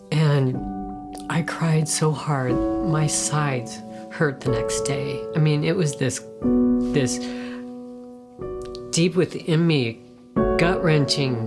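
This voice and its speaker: A woman with a deep, unhurried voice tells an emotional personal story. She pauses often and lifts her pitch on questions. Loud plucked guitar music plays behind her. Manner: halting, reflective, voice rising on questions. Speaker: interviewee.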